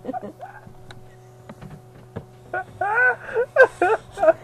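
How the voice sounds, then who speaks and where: A woman's voice: very high-pitched, animated, drawn-out words, fairly bright tone, poor audio. A young woman, half-asleep and giddy, rambling through a silly retelling of a movie, giggling and acting out the characters' lines. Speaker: storyteller.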